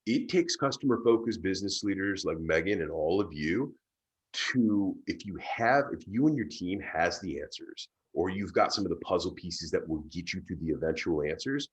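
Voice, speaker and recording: A man's voice: deep voice, expressive, moderate pace, low-quality recording. A man speaking as a guest on a business panel, enthusiastic and emphatic, often repeating words as he talks. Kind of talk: conversational panel talk.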